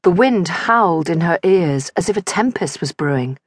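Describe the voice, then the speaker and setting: A woman's voice: fairly low pitch, expressive, normal speed, slightly rough, dry recording. A woman narrating a romance audiobook in vivid scripted storytelling on a close studio mic.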